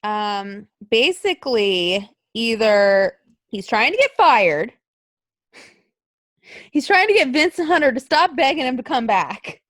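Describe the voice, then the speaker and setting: In a casual wrestling chat on a podcast she co-hosts, a woman talks loosely and chattily with plenty of likes and ums. Her voice runs on the high side with big pitch swings, a slow pace, and a fairly bright tone, recorded dry.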